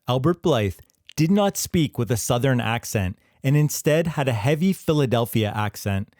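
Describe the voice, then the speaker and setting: A man reading a scripted history explainer in a measured, explanatory way. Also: medium pitch, darkish tone, no room sound, clean studio sound. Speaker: history channel narrator. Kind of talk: scripted narration.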